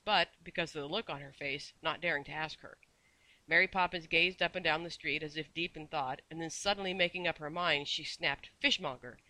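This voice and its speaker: Bright, expressive audiobook narrator. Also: medium pitch, no room sound, rough recording. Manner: lively, expressive storytelling. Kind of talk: scripted narration.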